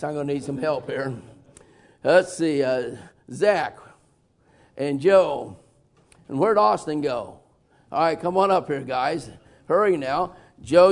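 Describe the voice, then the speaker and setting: A man preaching a folksy, emphatic sermon in a church, with sudden loud bursts and chuckles. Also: a little high. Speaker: pastor. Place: church sanctuary.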